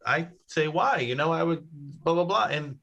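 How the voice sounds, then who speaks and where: Bright, slightly high man recalling a scene. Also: normal speed, vocal fry, muffled recording. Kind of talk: casual chat on a video call.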